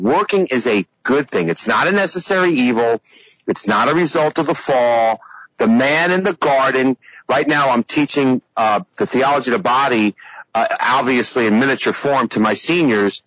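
A man's voice: mid-range voice, a bit bright, no room sound. A man who teaches, speaking as a regular guest on a radio show, talking with emphasis and many fillers. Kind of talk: casual radio commentary. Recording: dull, dry lo-fi remote line.

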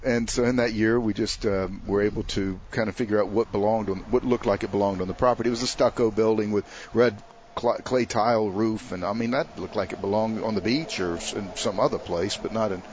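Man, priest, low voice, storytelling, faint background hiss. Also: steady tone, brisk, a little mellow, muffled recording. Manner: chatty, anecdotal, laughs while telling stories. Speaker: priest guest. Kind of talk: casual storytelling interview.

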